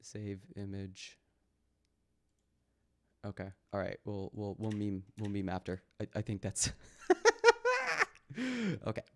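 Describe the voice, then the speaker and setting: A man's voice: lowish voice, monotone, measured pace, pauses often, warm tone, slight background noise. A man doing casual live-stream commentary, reading posts aloud and mocking them sarcastically while talking back to his chat. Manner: reads posts aloud, then mocks them.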